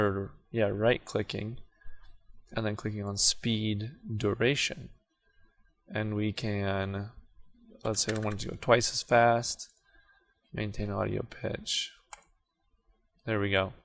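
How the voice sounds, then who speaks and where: Low-voiced man narrating a software tutorial. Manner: relaxed, self-correcting, talks through clicks as he works. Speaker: video editing tutorial host. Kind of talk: casual screen-recorded software tutorial.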